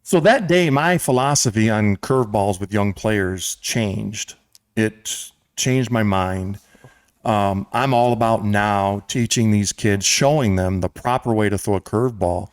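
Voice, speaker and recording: An American man hosting a casual sports talk show, telling a long story with lively quoted voices. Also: fairly low pitch, unhurried, clear, resonant tone, no room sound, studio quality. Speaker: show host and club president. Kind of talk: storytelling in casual podcast chat.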